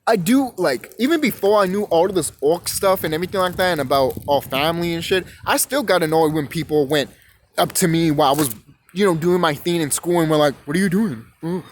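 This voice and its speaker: A man's voice: a little high, a little fast, slight background noise, poor audio. A young man delivering a rambling, profane rant monologue, stumbling over and repeating words as he goes. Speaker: vlogger.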